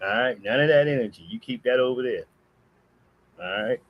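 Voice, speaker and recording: A live streamer telling a story in a casual rant, peppering his talk with "all right" and swinging from low mutters to high exclamations. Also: normal speed, muffled recording, slight background noise.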